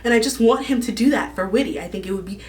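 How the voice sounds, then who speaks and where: Young woman vlogger, excitable, rambling fan chat, mid-pitched, recorded from a little way off. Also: fast talker, recorded from a distance, slight background noise. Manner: gushing, rambling, laughs often. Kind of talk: casual fan casting chat.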